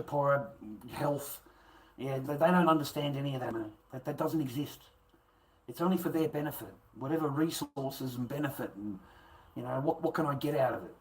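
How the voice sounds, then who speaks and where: Man, coarse rant to camera, mid pitch, lots of swearing and repetition. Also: moderate pace, poor audio. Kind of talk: ranting monologue to camera.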